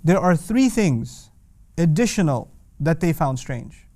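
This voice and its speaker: A man teaching a lecture on the language of the Quran, animated and emphatic, often asking rhetorical questions. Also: fairly high pitch, takes it slowly, no room sound.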